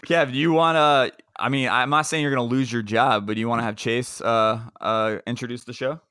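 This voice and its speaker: A man's voice: mid-range voice, fairly even intonation, brisk, bright, forceful tone, smooth, no room sound, clean studio sound. A man co-hosting a podcast, teasing the others in casual chat. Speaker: podcast co-host.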